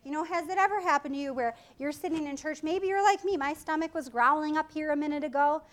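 A woman preaching a sermon in an animated way, acting out voices and laughing often. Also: high-pitched, fast.

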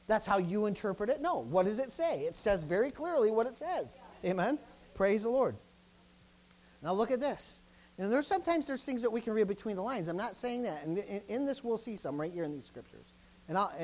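A man's voice: a little hiss or hum, rough recording. Man preaching, emphatic and swinging. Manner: emphatic, repetitive preaching with frequent interjections; lively, swinging between loud bursts and low asides. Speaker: pastor. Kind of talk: sermon.

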